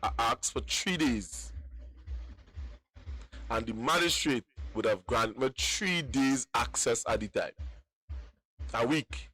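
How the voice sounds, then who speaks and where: A man's voice: medium pitch, lively intonation, slow, long pauses, sharp tone, husky. A man, calling in to tell a long personal story, rambling and repeating words. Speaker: caller.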